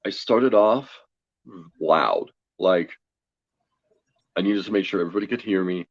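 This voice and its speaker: Low-voiced man telling a story, laughing often. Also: measured pace, no room sound, muffled recording. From Colorado. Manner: chatty, laughs often, quotes himself and others. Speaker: guest, tarot reader. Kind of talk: casual storytelling interview.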